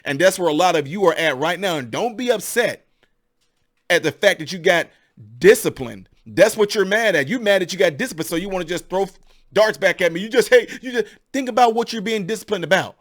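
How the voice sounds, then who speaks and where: A man's voice: high voice, expressive, a little fast. Emphatic, preachy middle-aged man. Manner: emphatic, preachy, full of rhetorical questions. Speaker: political commentary vlogger. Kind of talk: opinionated commentary.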